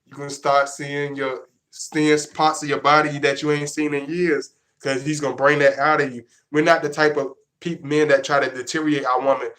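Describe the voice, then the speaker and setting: A male vlogger, his voice slightly high, level, a bit bright and moderately paced, talks casually to his audience on camera. His delivery wanders and loops, with sentences constantly starting over.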